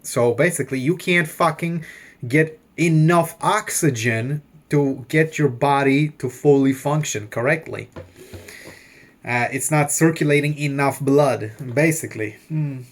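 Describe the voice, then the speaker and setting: A man's voice: on the high side, measured pace. A man in his thirties telling a long personal story in a loose, rambling way, full of fillers and swearing. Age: 30s. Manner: rambling, heavy use of "like" and swearing. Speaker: vlogger. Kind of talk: casual storytelling.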